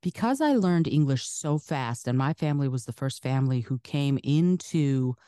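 A woman from the Soviet Union, native Russian speaker, speaking broadcast-style American English as an interview guest, chatty and animated, laughing often. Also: very deep voice, normal speed, dry recording, studio quality. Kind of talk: casual interview storytelling.

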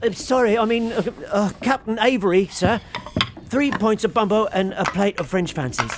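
A man's voice: sits high, lively intonation, moderate pace. An actor playing a nervous young male pirate crewman who stammers as he serves his captain. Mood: flustered. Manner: flustered, stammering. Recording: noisy background.

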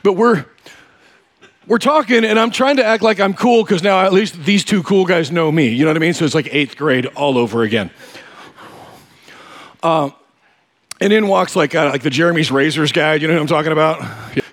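A man preaching with a somewhat high voice that sounds loose and conversational rather than formal. He tells his story with self-deprecating humor and checks in with the listeners often. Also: moderate pace, pauses often. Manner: asks listeners directly. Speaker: pastor. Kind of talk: conversational sermon.

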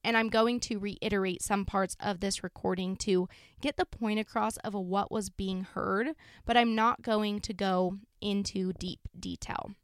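Woman, podcast host, true crime retelling, casual, sombre, clear smooth voice, dry close sound. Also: mid-range voice, steady tone, a little slow, no room sound.

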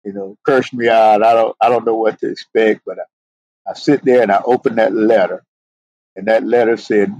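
A middle-aged man speaks in a husky, gravelly voice, earnest and heartfelt as he tells his story on a podcast. The sound is close and dry, with no room around it, and he fills his talk with "you know". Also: fairly low pitch, fairly even intonation, normal speed, a little mellow, no echo, highs cut off. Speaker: podcast guest, police sergeant.

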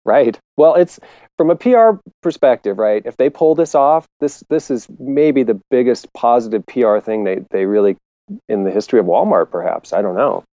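A man's voice: medium pitch, lively intonation, moderate pace, dark tone, dry recording, dull audio. A man co-hosting a casual marketing podcast, rambling with restarts and laughter. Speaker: podcast co-host. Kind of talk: casual chat.

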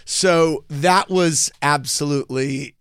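A man's voice: a little high, slow pace, fairly bright tone, smooth, no room sound, studio quality. A man hosting a podcast, chatting in a gossipy, enthusiastic way. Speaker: podcast host. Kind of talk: casual chat.

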